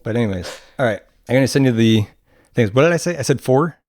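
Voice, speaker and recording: A man co-hosts a relaxed podcast chat. He hesitates, restarts his phrases and laughs easily. His voice sounds dry and close. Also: medium pitch, fast, no room sound. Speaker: podcast co-host. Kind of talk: casual chat.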